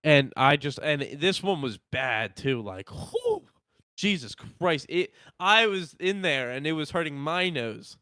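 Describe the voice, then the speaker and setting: A young man co-hosting a podcast, telling a story in animated casual chat and acting out what people said. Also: a little high, a little slow, no echo. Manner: animated, acts out quotes of himself and others. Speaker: podcast co-host.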